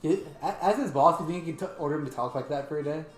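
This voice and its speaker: A man playing a tabletop role-playing game, asking quick, playful questions. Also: on the high side. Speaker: player. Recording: roomy, music behind.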